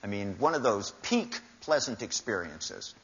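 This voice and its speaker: Unhurried yet very animated, an older man with a lowish, fairly bright voice entertains a large-hall audience at a seminar with wry tales, changing his voice for each line of dialogue. It's a dull, lo-fi recording of the live talk.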